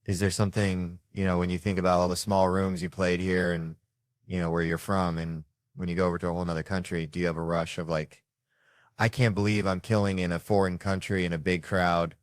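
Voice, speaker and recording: A male interview host with a deep voice asks quick, curious questions in casual conversation. The sound is dry and close to the mic. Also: level tone, no room sound.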